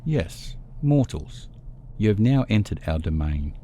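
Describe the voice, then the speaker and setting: A man voicing Zack, a calm and menacing old vampire leader, speaking solemnly and with command. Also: fairly low pitch, a little slow, a little hiss or hum, pitched above the performer's own voice.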